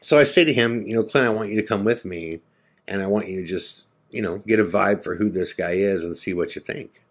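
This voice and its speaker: Lively low-voiced man telling a story. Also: brisk. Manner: animated storyteller, acts out quoted dialogue. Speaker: podcast host.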